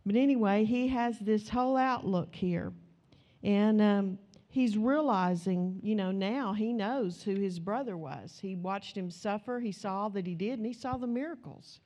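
A woman's voice: mid-range voice, measured pace, a little mellow. A middle-aged woman preaching a sermon, telling a story and acting out the conversation, then teaching in an earnest, conversational way.

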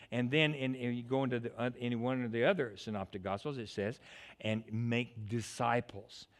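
A man preaching a sermon in church, animated, often stumbling into quick restarts. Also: medium pitch. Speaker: pastor.

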